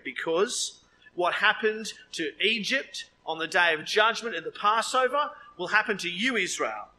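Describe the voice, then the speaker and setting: Preacher guy, sermon w/ jokes, high bright voice, little bit of hiss in back. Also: normal speed, poor audio. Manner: lively, joking asides, voice swings up for quoted speech.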